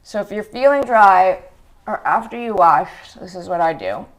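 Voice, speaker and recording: A woman's voice: lively intonation, moderate pace. Emotional chatty woman in her forties. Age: 40s. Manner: emotional, chatty, voice jumps high when greeting viewers. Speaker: beauty show host. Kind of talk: live get-ready-with-me skincare chat.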